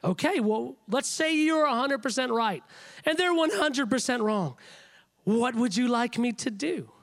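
A preacher voicing a patient, questioning God. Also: male voice, very high voice, animated, a little slow, exaggerated voice.

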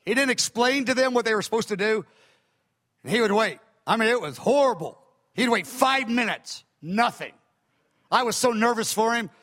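High, bright-voiced older male preacher. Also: normal speed. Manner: animated storytelling, emphatic. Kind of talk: sermon. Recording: echoey hall.

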